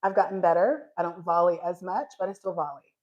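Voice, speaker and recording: A woman giving a casual Bible teaching, an animated storyteller who acts out dialogue, frank and self-deprecating. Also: fairly low pitch, a little fast, lo-fi sound. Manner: animated storytelling, acting out dialogue with laughs and sighs.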